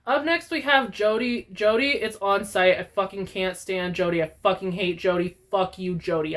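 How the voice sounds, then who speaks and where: A young woman gaming vlogger, talking casually in an animated, profane, exaggerated rant. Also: medium pitch, normal speed, hardly any pauses. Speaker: gaming YouTuber. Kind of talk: casual ranting vlog.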